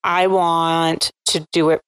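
A woman's voice: low voice, level tone, slow pace, a bit bright, clear, resonant tone, dry recording. A young adult woman hosting a casual conversation, telling stories in a chatty, self-deprecating way with plenty of fillers.

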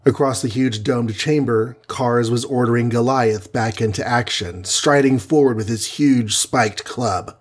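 A man with a husky voice narrating a superhero adventure story in an even storytelling manner. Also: mid-range voice, a little slow, few pauses. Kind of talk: audiobook narration.

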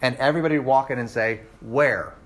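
A man's voice: a little high, expressive, a little slow, fairly bright tone. A man teaching a Bible class, quizzing his students with rhetorical questions and acting out quoted exchanges. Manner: acts out voices in quoted exchanges.

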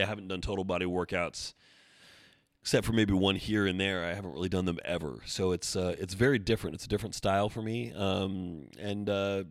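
A man with a deep, low voice hosts a solo fitness podcast, talking loosely and wandering from point to point. He jokes at his own expense. The sound is dry and close, with no room around it. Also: no room sound. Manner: rambling, joking and self-deprecating. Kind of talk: casual solo podcast chat.

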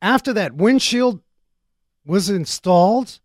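A man hosting a car talk radio show, joking in an energetic, talkative way. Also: high voice, slow pace, no room sound, clean studio sound. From Arizona.

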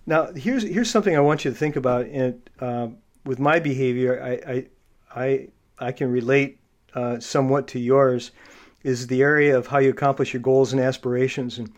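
A male podcast host who explains personality traits in a coaching tone, with frequent fillers and restarts. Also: medium pitch. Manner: halting, many fillers and restarts. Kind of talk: casual interview.

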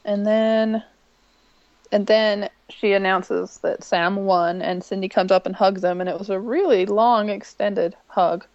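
A podcast co-host casually recaps a TV episode, rambling with many ums and quoting characters in a brighter, higher voice. Her mid-range voice is gravelly with vocal fry, and the dry, slightly dull sound with no room echo suggests a home podcast mic.

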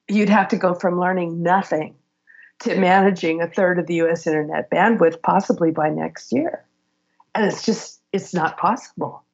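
A middle-aged woman, a guest in an interview, telling work stories in an animated way and laughing as she goes. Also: on the low side, creaky, husky, highs cut off. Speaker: guest, former HR executive. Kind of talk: conversational interview storytelling.

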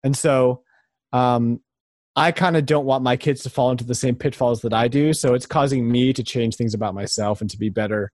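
A man in his thirties chats on a podcast in an easy, rambling, earnest way. His voice sits at a middle pitch and sounds dry and close to the microphone. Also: normal speed, a little mellow, dry recording. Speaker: podcast co-host. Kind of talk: casual podcast chat.

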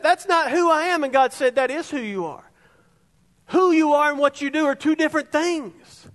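A middle-aged male pastor with a very high voice delivers a sermon, leaning on repeated phrases for emphasis. His voice carries a long reverb from the hall around him. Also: fairly bright tone. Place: church sanctuary.

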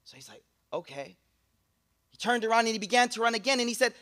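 A man with a high-pitched voice delivers a storytelling sermon. He acts out a dream story, swinging from loud, excited lines to hushed ones. His talk is casual, with bits of slang. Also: fast. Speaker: speaker, Islamic teacher.

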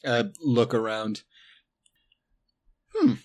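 A man's voice: medium pitch, huge pitch swings, drawn-out words, a little mellow. A man playing a tabletop role-playing game, joking and irreverent as he describes his character's actions. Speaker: player.

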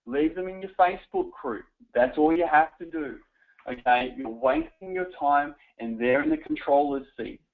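A man teaching a live audience how to close sales, coaching them directly with an animated manner. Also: fairly high pitch, creaky. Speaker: sales trainer. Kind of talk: live sales training talk. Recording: tinny phone-like recording. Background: audience present.

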